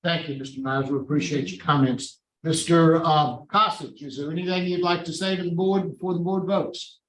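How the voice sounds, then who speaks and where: A polite, formal man chairing a hearing, thanking speakers and apologizing readily. His pitch sits a little high, and his voice carries the echo of a roomy space. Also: steady tone, moderate pace, a little hiss or hum. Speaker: parole board chair.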